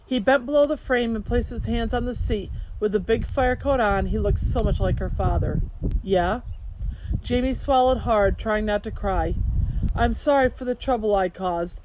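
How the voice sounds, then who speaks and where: A woman reading a children's novel aloud in steady storytelling narration. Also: on the high side, moderate pace, few pauses. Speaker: audiobook narrator. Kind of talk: scripted narration. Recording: hiss behind voice.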